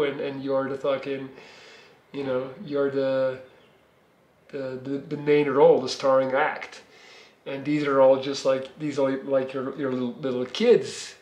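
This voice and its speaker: A man's voice: a little high, roomy sound. A Belgian man, telling a long, rambling personal story in a casual vlog from his living room, swearing freely. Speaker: vlogger.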